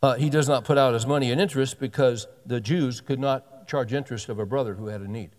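Sixty-something preacher in a reverberant hall. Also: male voice, medium pitch, fast talker, a little mellow. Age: 60s. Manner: folksy, joking asides, reads scripture aloud with rising emphasis. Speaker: pastor. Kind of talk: sermon.

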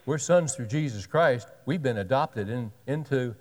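This pastor, a man in his sixties, reads scripture during his sermon and keeps slipping in homespun, joking asides. He speaks at a moderate pace in an expressive, mid-range voice, with long reverb from the hall.

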